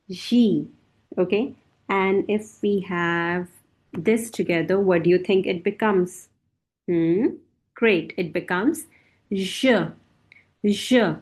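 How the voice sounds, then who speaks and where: A woman teaching a beginner French lesson, speaking slowly and patiently and repeating each word for her students to drill. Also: mid-range voice, darkish tone.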